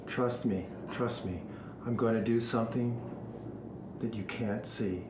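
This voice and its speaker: An actor playing a man freeing a captive woman, his delivery wooden and flat. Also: on the low side, measured pace, lightly acted. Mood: calm reassuring. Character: flat-voiced hero rescuing a woman. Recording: echoey room with steady noise.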